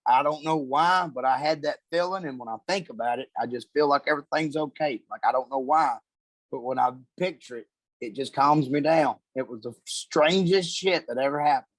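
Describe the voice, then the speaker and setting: A man's voice: medium pitch, moderate pace, no room sound. A man, a podcast guest telling a story in a laid-back, heavily profane way. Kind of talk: casual storytelling.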